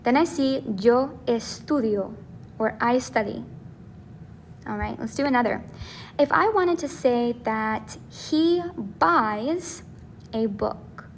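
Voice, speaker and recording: In this recorded grammar lesson, a woman who teaches Spanish walks through the material one step at a time, often asking "okay?" or "right?" Her voice is a little high, with slight noise in the background.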